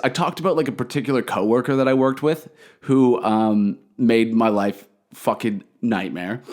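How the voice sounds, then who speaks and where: A young man, a comedian hosting his own podcast, telling a story in a casual, profane monologue and acting out the quotes. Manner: profane, animated, acts out quotes with raised pitch.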